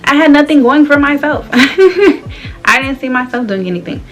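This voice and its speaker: Brief: twenties woman from Florida, casual vlog chat, bright voice, faint music under her. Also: high-pitched, expressive, normal speed. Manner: loose, candid, slangy, laughs often. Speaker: vlogger. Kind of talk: casual chat while doing her hair.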